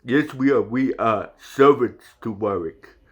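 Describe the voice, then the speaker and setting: A man's voice: medium pitch, expressive, unhurried, breathy edge, highs cut off. A man voicing a collective of channelled spirits, emphatic, devoted and blunt, in a spiritual channelling monologue. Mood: earnest. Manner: insistent, preachy, swears bluntly.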